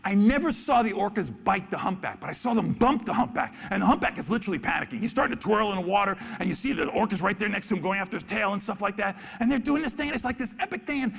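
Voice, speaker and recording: A man, a wildlife photographer, telling stories animatedly on stage and acting out reactions with sudden loud exclamations. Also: high voice, expressive, fast, gravelly, few pauses, husky. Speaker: wildlife photographer giving a talk. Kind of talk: animated storytelling presentation. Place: large expo hall stage. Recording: reverberant hall.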